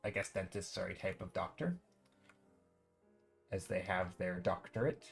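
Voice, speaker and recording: A man's voice: low-pitched, animated, measured pace, creaky, soft background music. Rambling man chatting on a live stream. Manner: rambling, thinks aloud, greets chat viewers. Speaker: live-streaming digital painter. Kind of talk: casual live-stream chat.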